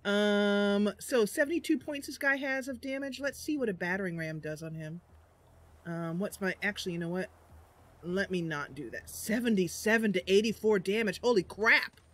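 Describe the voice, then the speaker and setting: A woman's voice: medium pitch, normal speed, fairly bright tone. A woman streaming a roleplay game, chatting casually and laughing often.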